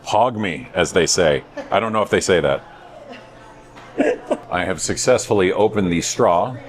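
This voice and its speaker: A man in his thirties hosting a casual food review vlog, playful and self-mocking with deadpan jokes. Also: deep voice, measured pace, a little hiss or hum. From United States. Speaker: host.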